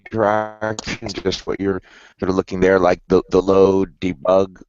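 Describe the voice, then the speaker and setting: A man's voice: low voice, flat delivery, moderate pace, a little mellow, smooth, no echo. A man speaking in an online meeting over a weak connection, explaining his points carefully. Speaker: meeting participant. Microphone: video call over weak Wi-Fi. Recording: dull, robotic-sounding call audio.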